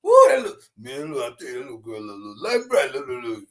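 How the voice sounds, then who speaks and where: A young man hosting a rowdy reaction commentary show, shouting, laughing and dropping to mutters. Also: mid-range voice, sing-song, fast. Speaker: YouTube commentary host. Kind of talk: loud animated reaction commentary.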